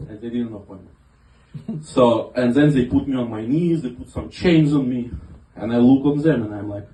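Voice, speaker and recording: A man doing a self-mocking stand-up set in a small club, talking in a halting way with lots of fillers. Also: medium pitch, dark tone. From half Ukrainian, half Israeli. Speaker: stand-up comedian. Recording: roomy club audio from a distance.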